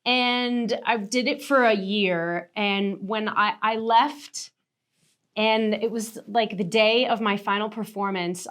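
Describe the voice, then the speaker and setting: A woman performer as interview guest, telling stories in a chatty way that trails off softly. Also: medium pitch. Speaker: singer and stage performer, guest. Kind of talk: casual interview chat.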